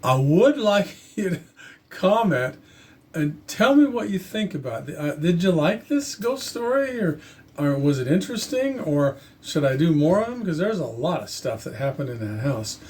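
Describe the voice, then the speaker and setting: A man telling his own story to camera in a casual, halting, earnest way, with frequent restarts. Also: a little high, very animated, a little mellow. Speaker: channel host telling a personal story.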